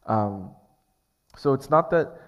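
A man's voice: mid-range voice, animated, slow pace. A man preaching a sermon as pastor, earnest and conversational, often restarting his phrases. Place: church sanctuary. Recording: long church hall reverb.

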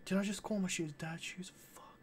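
A man's voice: sits high, normal speed, slightly rough. A young man chatting casually in a vlog, full of slang and swearing as he shows off his shoes. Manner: animated slangy banter with frequent swearing. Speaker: vlogger. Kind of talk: casual chat showing his shoe collection.

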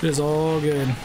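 A man in his twenties streaming a racing game, chatting casually, swearing and jabbing back at trolls in chat. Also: fairly high pitch. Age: 20s. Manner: brash, swears, trades jabs with chat trolls. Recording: loud car game sounds behind. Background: racing game engine noise.

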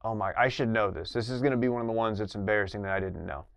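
A man competing in an office quiz, halting and stammering as he thinks out loud in casual chat. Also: on the low side, clean tone, no room sound, studio quality. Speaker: quiz contestant.

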